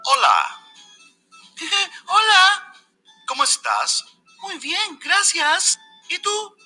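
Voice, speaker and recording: A man's voice: extremely high pitch, wildly swooping pitch, slow, bright, forceful tone, soft background music, exaggerated voice. A man voicing a zany marshmallow professor in a kids' Spanish video, with an exaggerated sing-song delivery and repetitive drills. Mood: teaching. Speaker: video teacher character.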